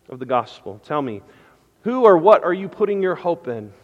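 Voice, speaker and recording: A man preaching a sermon as pastor, impassioned, moving from loud declarations to hushed pleading. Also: on the high side, sing-song, moderate pace, big-room sound, lo-fi sound. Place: church sanctuary.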